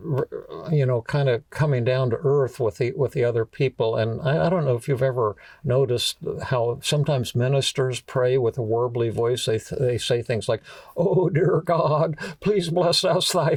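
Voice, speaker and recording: A man with a gravelly voice tells a long story with frequent stumbles and restarts. He sounds a little distant from the microphone. The recording is dry, with no room echo. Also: medium pitch, steady tone, darkish tone. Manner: halting, with frequent repeated words and restarts. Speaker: podcast host telling a workshop story.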